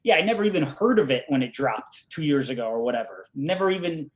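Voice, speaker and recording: A man's voice: fairly high pitch, expressive, quick pace. A man who develops games, talking as a guest in a casual podcast chat and laughing easily. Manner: laughs easily, loose and conversational.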